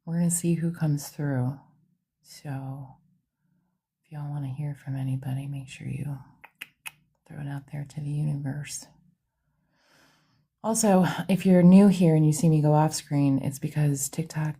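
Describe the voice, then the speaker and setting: A woman's voice: low-pitched, creaky, warm tone, breathy edge. A woman, hosting a livestream, half-whispering in a casual chat and greeting viewers by name in her home studio. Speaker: psychic medium livestream host.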